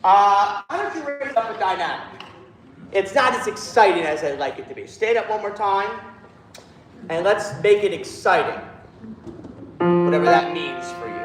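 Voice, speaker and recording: A man's voice: high voice, echoey room, rough recording. A man leading a choir rehearsal, coaching the singers and singing phrases to show them how. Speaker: choir director.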